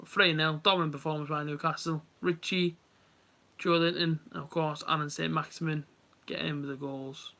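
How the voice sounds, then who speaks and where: A man's voice: fairly high pitch, level tone, normal speed, gravelly, bright, forceful tone. A young man chatting casually to viewers while he watches a match live and comments on it. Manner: chatty, rambling, talks straight to viewers. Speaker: live stream host.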